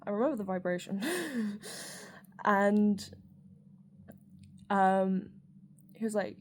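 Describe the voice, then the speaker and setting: A woman's voice: mid-range voice, lively intonation, takes it slowly, slight background noise. A woman speaking straight to camera in a rambling, candid personal monologue, with lots of fillers and casual swearing.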